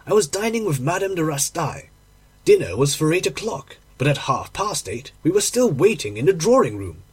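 A man reading a classic short story aloud, with measured storytelling that slows on key phrases and drops low on the dialogue tags. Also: slightly rough. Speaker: narrator.

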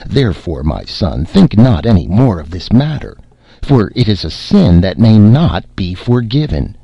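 A man's voice: fairly low pitch, big pitch swings, measured pace, vocal fry, slightly rough, no echo, highs cut off, heavily acted. A man voicing a stern, zealous old priest who rebukes in thundering archaic speech. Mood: rebuking.

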